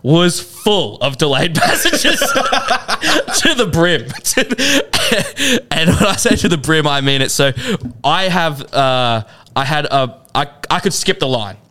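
A man's voice: a little high, slow pace. A man co-hosting a podcast, telling a funny story with lots of laughter and swearing. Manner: animated, laughs through his stories, swears freely. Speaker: podcast co-host. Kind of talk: comic storytelling.

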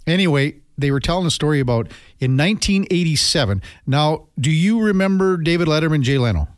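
A man's voice: fairly high pitch, a little fast, no echo. A middle-aged man hosts a sports talk radio show in a dry, close studio sound. He talks casually and drifts into long anecdotes. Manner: rambling storyteller, animated when telling anecdotes. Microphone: studio microphone.

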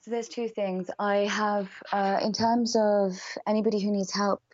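Blunt, sweary woman, warm low voice. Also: level tone, moderate pace. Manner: blunt, swears freely, laughs often. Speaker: podcast guest, charity worker. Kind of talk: casual podcast conversation. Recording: slightly dull podcast audio.

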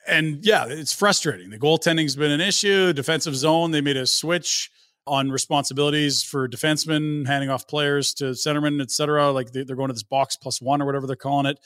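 A man's voice: a little high, a little fast, a bit bright, no echo, clean studio sound. A man hosting a casual sports podcast, laying out stats and context in an analytical way. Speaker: podcast host.

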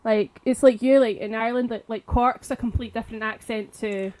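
Scottish woman, high voice, blunt and jokey, casual podcast chat. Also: fairly even intonation, a little fast, a little mellow. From Scotland. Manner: blunt, laughing, teasing. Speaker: podcast co-host.

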